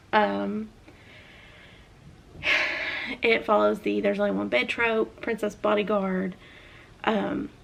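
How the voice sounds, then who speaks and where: Gravelly-voiced Southern woman chatting casually. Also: medium pitch. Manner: chatty, animated hand talker with many fillers. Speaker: book reviewer. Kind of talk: casual chat.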